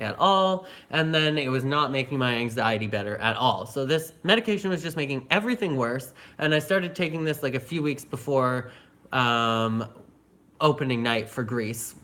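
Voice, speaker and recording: A young man casually telling a story on a livestream, chatty and animated, with lots of filler words and laughter. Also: medium pitch. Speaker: vlogger.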